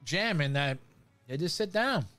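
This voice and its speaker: A man's voice: fairly high pitch, lively intonation, a little slow, sharp tone, soft background music. A man co-hosting a podcast in loose casual chat, dropping "bro" and "dude" and swearing freely. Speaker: podcast co-host.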